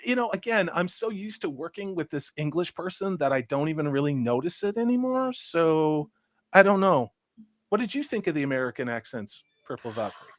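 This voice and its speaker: A man's voice: on the high side, expressive, brisk, no room sound, clean studio sound. A man hosting a casual livestream, reading out chat comments and riffing on them with rambling, sarcastic asides.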